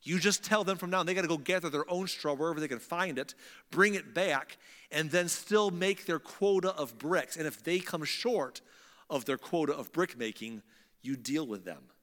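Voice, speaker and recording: A man's voice: on the high side, moderate pace, fairly bright tone, close to an everyday voice. A sneering, arrogant pharaoh, as a preacher acts him out in a raised voice, talking down to his slaves in casual slang. The sound rings with the long echo of a big hall. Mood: commanding. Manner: mocking, dismissive, casual slang. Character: scornful arrogant male pharaoh, ancient king.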